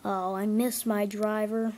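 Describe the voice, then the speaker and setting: A woman voicing a gentle, polite old steam engine in a fan-made toy train story. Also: medium pitch, flat delivery, measured pace, close to an everyday voice. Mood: meek. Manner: polite, meek.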